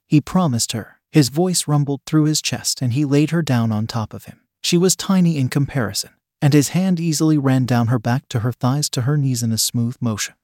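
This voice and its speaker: A man reading an adult romance story aloud in a steady, unhurried way. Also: mid-range voice, dry recording, clean studio sound. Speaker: story narrator.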